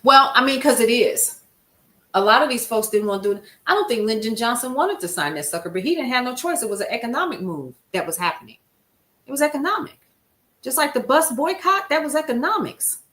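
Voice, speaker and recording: A woman's voice: fairly high pitch, sing-song, brisk, fairly bright tone. A woman hosting a casual news recap live stream, chatting with her viewers and answering their comments in an emphatic, conversational way. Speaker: livestream news show host.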